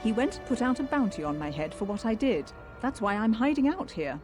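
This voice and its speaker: A woman's voice: a little high, sing-song, a little fast, a little mellow, faint music behind. A wary young woman with a British accent. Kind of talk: video game dialogue.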